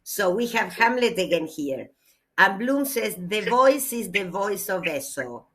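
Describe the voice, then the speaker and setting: A woman, a literature teacher giving a classroom lecture, reading aloud slowly and explaining with hesitations. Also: medium pitch, sing-song, a bit bright.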